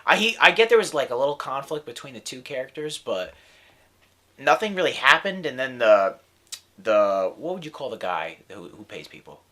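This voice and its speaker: A man's voice: medium pitch, very animated, normal speed, bright, forceful tone. A young man co-hosting a casual film review podcast, rambling enthusiastically with lots of "like" and "dude". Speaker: podcast co-host.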